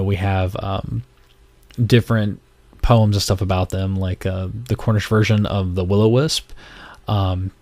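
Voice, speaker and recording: A man's voice: fairly low pitch, darkish tone, no echo. A man from North Carolina, hosting a podcast and telling stories in a loose, rambling way full of fillers. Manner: rambling storytelling with many fillers. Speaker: podcast host. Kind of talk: casual podcast monologue.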